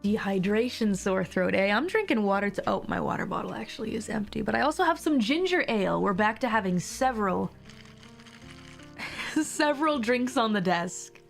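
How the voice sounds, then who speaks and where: A woman's voice: medium pitch, animated, moderate pace, creaky, soft background music. A young woman streamer with a mild sore throat, chatting casually and rambling with frequent laughs. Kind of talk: casual livestream chat.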